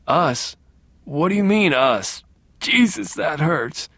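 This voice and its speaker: A man voicing a frightened captive man in an audiobook, high and strained with fear. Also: measured pace, fairly bright tone, no room sound, full character voice. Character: terrified captive man, pleading and hurt.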